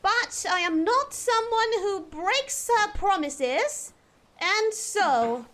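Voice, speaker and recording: A woman streamer putting on a posh British accent during a live game stream, playing a prim, proper English lady who speaks slowly and sounds out every letter and long vowel. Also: very high voice, animated, a bit bright, voice pushed up, exaggerated voice. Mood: earnest. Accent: put-on posh British (received pronunciation). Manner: slow, deliberate over-enunciation of every letter and long vowels.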